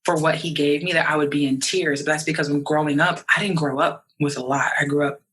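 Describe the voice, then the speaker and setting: A woman's voice: sits low, fairly even intonation, fast, fairly bright tone, husky, low-quality recording. A young woman from New York, a guest in a casual interview, talking animatedly and acting out quoted voices. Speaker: podcast guest.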